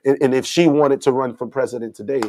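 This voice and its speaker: A man's voice: medium pitch, steady tone, fast, dark tone. A middle-aged man from New York City hosting a casual talk, telling stories emphatically, often repeating himself and checking in with "right?". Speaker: host. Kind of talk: casual conversational storytelling.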